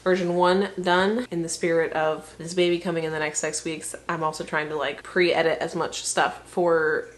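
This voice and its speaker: A woman's voice: deep voice, little pitch movement, moderate pace, hardly any pauses. A pregnant young woman vlogging casually, rambling and chatty, swearing here and there. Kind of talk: casual vlog chat.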